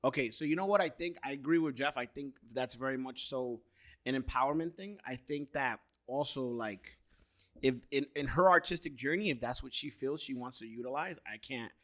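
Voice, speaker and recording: Bright-voiced man telling a story. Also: mid-range voice, moderate pace. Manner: storytelling, laughing often. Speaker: podcast co-host. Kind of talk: casual chat.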